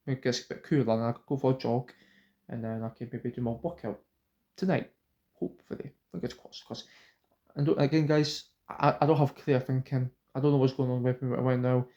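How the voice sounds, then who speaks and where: A man vlogging to camera in a casual, halting way, often stopping and repeating his words. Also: mid-range voice, steady tone, mellow, muffled recording.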